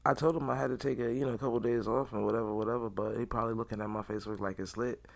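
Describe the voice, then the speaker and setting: A man's voice: medium pitch, fairly even intonation, very fast, creaky. A man hosting a podcast, talking through a rambling, blunt, slangy casual monologue. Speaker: podcast host.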